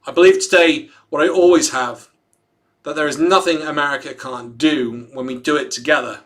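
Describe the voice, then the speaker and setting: A man's voice: fairly high pitch, normal speed. A man hosting a casual livestream, reading a statement aloud and chatting and joking with his viewers between lines. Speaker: livestream host.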